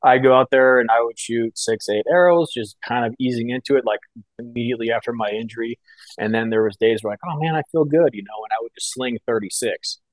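A man's voice: mid-range voice, fairly even intonation, fast, no room sound. Podcast co-host guy rambling casually, lots of "like" and "you know", dry close mic. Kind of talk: casual chat.

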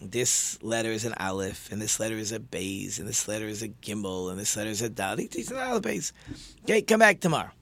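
A man teaching a religious lesson through stories, animated and acting out the dialogue with lively shifts in pitch. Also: fast, gravelly. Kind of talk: storytelling lesson.

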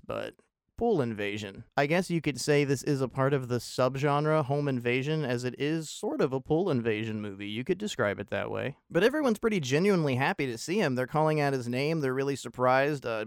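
A man's voice: mid-range voice, smooth, dry recording, studio quality. A man casually reviewing a film on his show, opinionated and rambling, with wry self-deprecating asides.

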